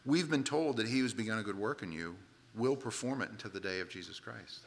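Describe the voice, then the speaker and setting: A man's voice: fairly low pitch, a little fast, creaky. A man preaching a sermon, retelling a Bible story with dramatic quoted voices.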